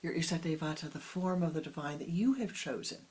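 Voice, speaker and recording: A spiritual teacher giving a meditative sermon, speaking slowly and softly, often sinking into a whisper, with long pauses. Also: mid-range voice, slight background noise. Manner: slow, soft, often dropping into whispers; unhurried with long pauses, halting restarts.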